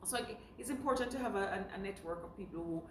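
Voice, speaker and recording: A woman's voice: mid-range voice, quick pace, slight background noise. A woman hosting a casual group chat, talking freely and laughing often. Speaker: host. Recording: roomy and distant.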